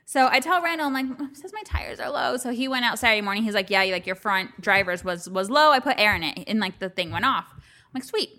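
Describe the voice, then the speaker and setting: A woman's voice: mid-range voice, lively intonation, quick pace, bright, forceful tone. A woman co-hosting a casual chat podcast, telling stories with lots of swearing and frequent laughter. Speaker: podcast co-host.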